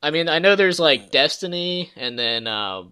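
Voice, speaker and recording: A man's voice: fairly high pitch, animated, normal speed, bright, forceful tone, clear, resonant tone. A young man hosting a gaming podcast in loose casual chat, laughing often, swearing and acting out scenes he retells. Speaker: podcast host.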